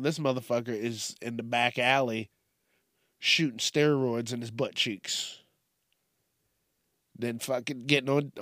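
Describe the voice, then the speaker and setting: A man's voice: medium pitch, fairly bright tone, no room sound. Male podcast host, young, swearing and ranting through the news, dry booth sound. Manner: profane, ranting, sarcastic. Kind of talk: casual news commentary.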